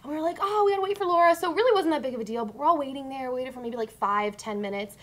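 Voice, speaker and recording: Woman panelist, high-pitched, animated storyteller acting out quotes, casual chat. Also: very fast.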